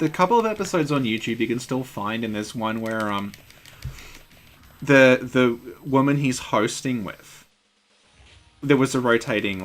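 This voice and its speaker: A man hosting a game stream who chats casually and tells rambling, wry stories. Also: medium pitch.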